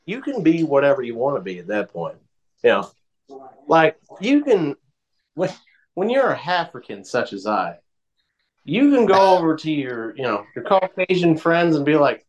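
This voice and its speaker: Male podcast co-host, slightly high, very lively delivery, crude joking banter. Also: normal speed, a little hiss or hum, low-quality recording. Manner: animated, profane joking storyteller.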